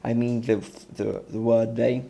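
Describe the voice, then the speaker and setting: Gravelly man teaching English grammar. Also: medium pitch, level tone, measured pace, mellow. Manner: explains step by step with many fillers and restarts. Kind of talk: recorded online grammar revision lesson.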